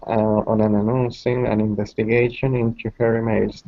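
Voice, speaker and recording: A man's voice: on the low side, flat delivery, moderate pace, creaky, dry recording, muffled recording. A male student reading a news article aloud carefully, stumbling over some words.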